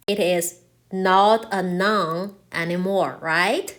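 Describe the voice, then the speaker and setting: A woman's voice: medium pitch, slow pace. A woman with Chinese as her first language, teaching a Chinese grammar lesson in English, explaining patiently and often checking in with "right?".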